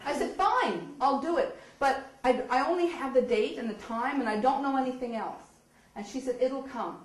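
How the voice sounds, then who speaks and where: A woman from Nova Scotia tells an audience her story, acting out the dialogue with laughter. Her voice sits somewhat high. The hall around her is roomy and echoey. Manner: animated, acts out quoted dialogue with laughs. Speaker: speaker telling her story.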